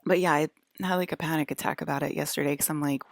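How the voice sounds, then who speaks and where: A woman's voice: deep voice, steady tone, fast, gravelly, dry recording, clean studio sound. A woman vlogger talking in a casual, rambling monologue, hesitant and full of fillers.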